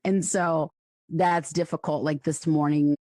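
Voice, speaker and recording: A woman's voice: low-pitched, steady tone, a little slow, mellow, no room sound, studio quality. A woman in her thirties, a songwriter and author guesting on a podcast, telling stories animatedly with laughs. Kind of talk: casual interview chat.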